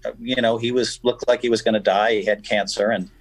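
A man guesting on a radio show, telling stories in an animated, emphatic way. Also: on the low side, fairly quick, breathy edge, poor audio. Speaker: guest poker player. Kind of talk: casual radio chat, storytelling.

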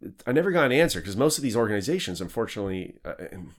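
A man's voice: lowish voice, very fast. A male podcast host telling a long story in a casual interview, rambling and correcting himself, and laughing as he goes. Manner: animated, laughs while telling stories.

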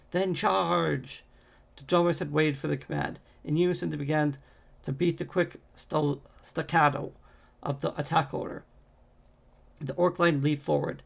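Gravelly man reading a fantasy novel. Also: a little high. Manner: reads with frequent slips and restarts. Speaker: audiobook reader.

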